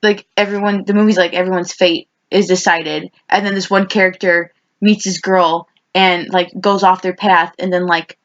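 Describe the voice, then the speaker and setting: A woman's voice: fairly low pitch, little pitch movement, normal speed, few pauses. A young woman co-hosting a podcast, chatting casually with her best friend in long, rambling stories full of fillers. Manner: rambling, filler-heavy storytelling. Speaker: podcast co-host. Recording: dull lo-fi podcast recording.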